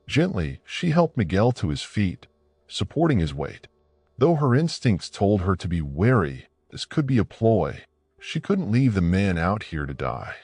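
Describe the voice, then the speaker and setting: A man tells a tense story in scripted, dramatic narration. His voice is low but rises and falls with lively movement. It is recorded dry and close, with faint music underneath. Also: dry recording.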